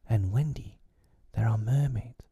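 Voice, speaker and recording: A man's voice: on the low side, a little slow, dark tone, no room sound, clean studio sound, pitched above the performer's own voice, exaggerated voice. A man whispering as a cunning boastful boy. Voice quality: breathy, half-whispered. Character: boastful, cunning boy who never grows up. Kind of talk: whispered role-play.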